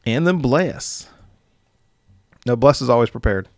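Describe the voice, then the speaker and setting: A man's voice: mid-range voice, animated, measured pace, dry recording, clean studio sound. A young man casually hosting a live stream as dungeon master, rambling with filler words and chuckling as he reads viewer comments.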